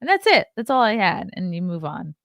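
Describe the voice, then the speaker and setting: A tired woman hosting a morning chat show, talking in a loose, rambling way and reacting to viewer comments. Her voice sits a bit low for a woman, and it is recorded dry and close. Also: very animated, fairly quick, fairly bright tone, no echo. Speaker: podcast host.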